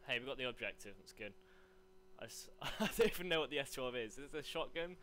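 A young man commentating live on his gameplay, rambling between chat and excited yelps. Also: mid-range voice, fairly quick, clear, resonant tone. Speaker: gaming commentator.

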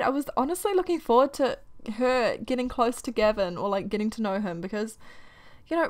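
Young woman, gaming commentary, exasperated, rants, quick laughs, slightly high voice. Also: fairly bright tone. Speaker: gaming YouTuber. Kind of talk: casual let's-play commentary.

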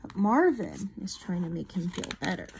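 A woman teacher reading a picture book aloud to children, expressive and asking the listeners questions. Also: on the low side, normal speed, vocal fry, slight background noise. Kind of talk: read-aloud storytelling for children.

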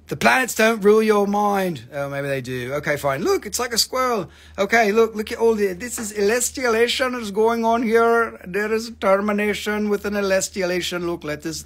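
A man hosting a live stream that sells crystals, talking in an excitable, joking, profane and rambling sales patter. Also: high-pitched, normal speed.

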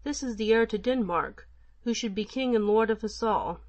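A woman's voice: fairly high pitch, normal speed, darkish tone, muffled recording, close to an everyday voice. A woman voicing a humble old-time fisherman. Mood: awed. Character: humble male fisherman, fearful servant.

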